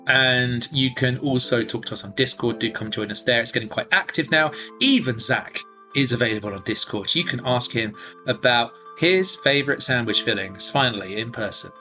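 A man narrating as game master and hosting the podcast, an animated storyteller who acts out sound effects. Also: medium pitch, normal speed, faint music behind.

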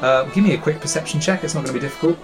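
A man's voice: on the high side, rapid-fire. A man narrating as game master of a tabletop game, rambling with many fillers. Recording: music playing behind.

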